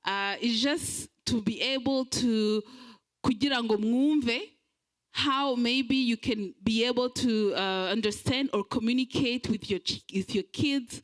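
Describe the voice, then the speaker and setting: A woman from Belgium giving a speech at a community event, earnest and halting, with frequent pauses as she searches for words. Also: a little high, low-quality recording. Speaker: guest speaker.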